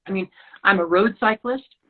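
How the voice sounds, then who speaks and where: Over a lo-fi, phone-like connection, a woman of medium pitch and normal speed tells a personal story as a podcast guest. She hails from the US Rocky Mountain region and brings the tale to life, voicing the dialogue as she goes.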